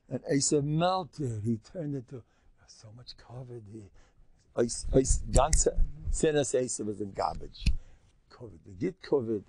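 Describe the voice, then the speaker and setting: An older man, a rabbi giving a Torah lesson in an animated storytelling way, acting out quotes. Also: medium pitch. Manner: animated storytelling, acts out quotes, mixes in Yiddish and Hebrew. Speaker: rabbi teaching a class.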